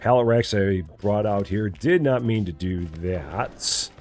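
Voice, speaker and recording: A man's voice: fairly low pitch, measured pace, a little mellow, soft background music. A middle-aged man streaming a store simulator game, talking to himself casually as he stocks shelves and answering viewers in chat. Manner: talks to himself, chatty, reads viewer chat aloud. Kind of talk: casual live gameplay commentary.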